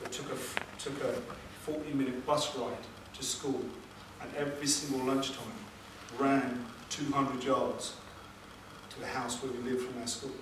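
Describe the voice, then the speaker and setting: A man, a motivational speaker telling an emotional personal story at a seminar, with dramatic pauses and questions to the audience. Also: medium pitch, flat delivery. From England. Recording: echoey room, distant mic, background noise.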